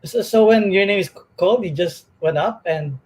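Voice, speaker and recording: Husky male host asking curious questions. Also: sits high, fairly quick. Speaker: talk show host. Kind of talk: interview questions.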